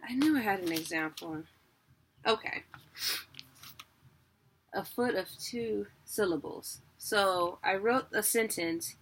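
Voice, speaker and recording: Bright-voiced chatty woman teaching. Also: medium pitch, takes it slowly, pauses often, a little hiss or hum. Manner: chatty, self-deprecating, laughs often. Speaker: online teacher. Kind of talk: casual video lesson.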